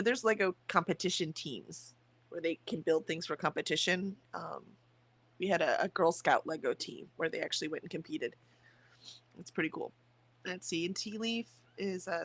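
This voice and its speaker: A woman hosting a morning writing livestream, chatting casually and reading viewer comments aloud, her voice rough from the early hour. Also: medium pitch, fairly bright tone. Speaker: streamer hosting writing sprints.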